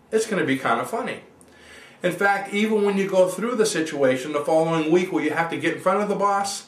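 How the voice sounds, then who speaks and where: A man gives an instructional self-help talk and guides his listeners through each step of an exercise. His voice sits fairly high. He is recorded from a distance in a room with noticeable echo. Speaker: NLP coach.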